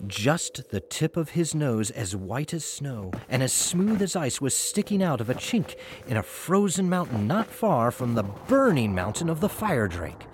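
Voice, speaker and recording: A man's voice: mid-range voice, unhurried, few pauses. A man narrating a fairy tale in a playful, scripted storybook style, turning now and then to address the listeners directly. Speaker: audiobook narrator. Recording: home recording with steady background hiss.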